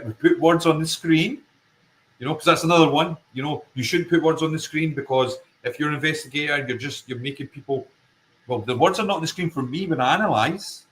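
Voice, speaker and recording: A man's voice: on the high side, fairly quick, a bit bright, poor audio. Earnest Scottish man from Fife. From Scotland. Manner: earnest, emphatic, circles back to his point. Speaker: paranormal investigator guest. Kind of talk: casual interview chat.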